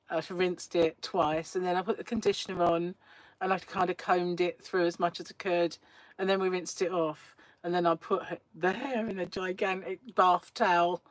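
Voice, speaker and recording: A woman's voice: fairly low pitch, no echo. A woman, hosting a casual live stream, telling a chatty story and laughing often. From England. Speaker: crochet livestream host.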